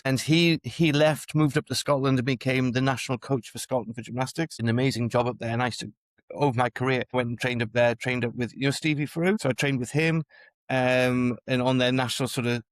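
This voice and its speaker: A middle-aged man recounts his sporting past in a relaxed podcast chat, drifting from one memory to the next and often restarting his sentences. He speaks at a medium pitch, recorded close and dry with no room sound. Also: fairly quick, dry recording. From England. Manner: rambling, restarts often, chuckles through anecdotes. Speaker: podcast guest, former gymnast and coach. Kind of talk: casual interview storytelling.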